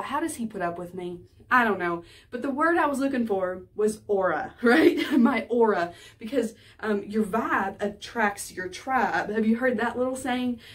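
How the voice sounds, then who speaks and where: A woman, a life coach chatting to camera from her small office in a bubbly, animated way. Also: medium pitch, distant mic. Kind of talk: casual talking-to-camera vlog.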